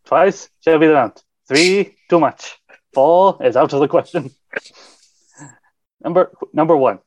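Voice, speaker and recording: A man's voice: on the high side, a little slow, long pauses, no echo. A man hosting a podcast quiz, joking with his friends as he reads out the questions. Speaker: podcast host running a quiz. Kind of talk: casual chat among friends. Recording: dull lo-fi mic, dry.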